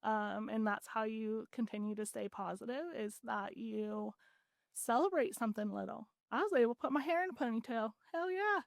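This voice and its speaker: Appearing as a podcast guest, a woman earnestly and animatedly retells her story in casual talk full of "like"s. Her fairly high voice has vocal fry, her speed is normal, and there is no echo.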